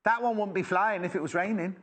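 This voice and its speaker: A man's voice: high-pitched, brisk, a bit bright. A man presenting fabrics live on a shopping channel, chatty and rambling as he exclaims over each one. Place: TV shopping studio.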